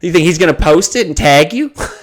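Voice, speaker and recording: A man, a comedian and podcast host, telling a profane, animated story in casual chat. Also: fairly high pitch, fast talker.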